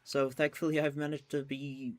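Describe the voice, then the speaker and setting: A streamer with a mid-range voice and little pitch movement talks at normal speed while commentating his race live. He chats with a friend as he plays and laughs often.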